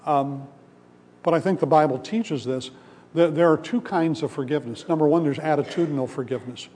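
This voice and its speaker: A man's voice: fairly high pitch, a little fast, darkish tone, breathy edge. A male pastor giving a sermon in a conversational storytelling way, acting out the voices in a parable. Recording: long hall reverb.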